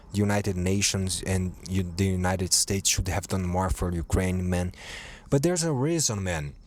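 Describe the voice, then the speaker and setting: A man's voice: fairly low pitch, slight background noise. A young man hosting a solo podcast, ranting in a profane, rambling way with many restarts. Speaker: podcast host.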